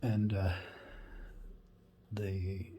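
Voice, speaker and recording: A man's voice: deep voice, level tone, very slow, dark tone, a little hiss or hum. Laid-back man telling a funny story. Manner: laid-back, rambling, with fillers and trailing asides. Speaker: former wildland firefighter. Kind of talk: casual humorous storytelling.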